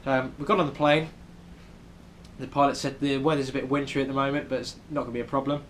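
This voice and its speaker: A man's voice: mid-range voice, level tone, fast, a bit bright, a little hiss or hum. A young man with a British accent, chatting casually in a travel vlog with lots of ums. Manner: chatty, many ums, rambling. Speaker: vlogger. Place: hotel room in New York City.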